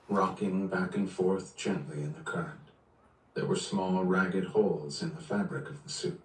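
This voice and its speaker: Male livestream reader, steady measured narration, roomy distant sound. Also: deep voice. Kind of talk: reading a novel aloud on a livestream.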